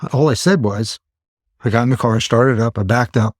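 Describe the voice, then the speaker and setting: A man's voice: medium pitch, moderate pace, no echo, studio quality. A man in his fifties, a podcast host telling a story in casual chat and acting out his own thoughts in exclaimed asides. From Pennsylvania. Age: 50s.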